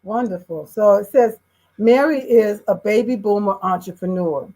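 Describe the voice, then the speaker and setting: A woman's voice: medium pitch, moderate pace, poor audio. A woman from Chicago co-hosting a livestream, reading a guest's bio aloud with casual asides. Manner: reads a guest bio, adds warm asides. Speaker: co-host.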